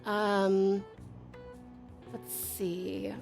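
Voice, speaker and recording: A woman's voice: medium pitch, steady tone, takes it slowly, pauses often, faint music behind. A woman streamer and voice actor in casual live-stream chat, rambling with many ums as she reads viewer messages aloud from home.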